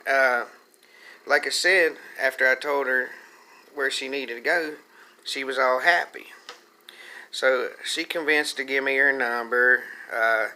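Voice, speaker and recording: A man's voice: medium pitch, bright, forceful tone, clear, resonant tone. A man telling a rambling comic tall tale, profane and meandering, full of fillers.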